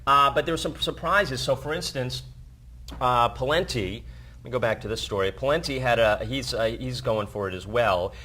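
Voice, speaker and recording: A man's voice: mid-range voice, normal speed, sharp tone. A man co-hosting an entertainment news show in a casual, joking way, with a rambling delivery full of fillers and restarts.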